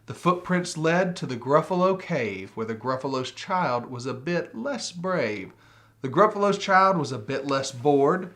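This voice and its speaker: A man reading a rhyming picture book aloud with a rhythmic, expressive delivery. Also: a little high, measured pace. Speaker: storybook reader.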